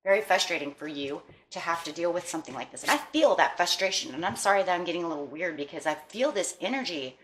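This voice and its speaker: A woman's voice: on the low side, expressive, fairly quick, fairly bright tone, a little hiss or hum. A woman giving a casual tarot reading to her viewers, chatty and encouraging, often checking in with "okay?" and "you know". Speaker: tarot reader.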